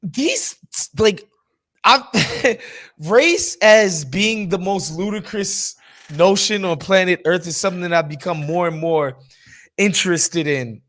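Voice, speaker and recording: A man from New York co-hosts a casual podcast, talking with a high-pitched voice. His speech is loose and slangy, with quick laughs between points. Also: animated, fairly bright tone. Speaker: podcast co-host. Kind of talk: casual political chat.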